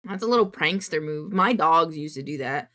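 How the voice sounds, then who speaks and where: A woman's voice: low voice, expressive, normal speed, pushed and bright. A woman VTuber streamer in casual live-stream chat, chatty and swearing freely as she coos at her cat.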